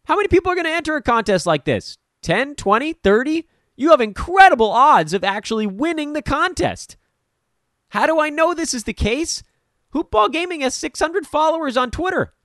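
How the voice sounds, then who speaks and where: A man hosting a fantasy basketball podcast, talking casually in an animated, rambling, blunt and jokey way. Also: extremely high pitch, moderate pace, dry recording, clean studio sound. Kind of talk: casual podcast talk with sponsor promo.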